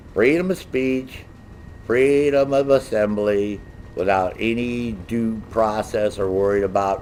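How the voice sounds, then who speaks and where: A middle-aged man ranting casually with a lot of profanity, in a lively, mocking storytelling way. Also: mid-range voice, slight background noise. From United States. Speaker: gaming streamer.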